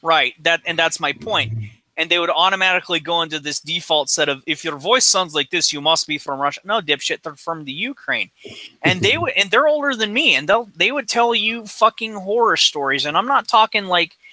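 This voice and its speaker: A man's voice: high-pitched, animated, brisk, bright, forceful tone, dry recording, poor audio. A man in his forties in casual podcast chat, ranting bluntly with lots of swearing. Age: 40s. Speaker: podcast co-host.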